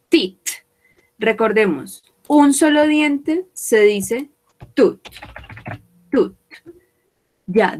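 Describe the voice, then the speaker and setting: A woman teaching English vocabulary, repeating each word slowly for pronunciation and switching into to explain. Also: a little high, slightly rough, poor audio. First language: Spanish. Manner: slow, repeats words for pronunciation. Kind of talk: bilingual vocabulary lesson.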